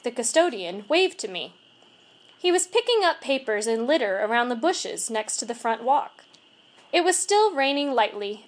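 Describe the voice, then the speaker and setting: A woman narrating a children's storybook aloud in an expressive, measured way. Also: high voice. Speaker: reader.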